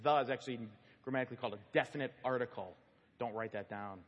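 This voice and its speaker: A man preaching an expository sermon, teaching in an animated way, stressing key words and putting questions to the congregation. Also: medium pitch, fast, highs cut off. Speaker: pastor. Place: church sanctuary. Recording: echoey church hall.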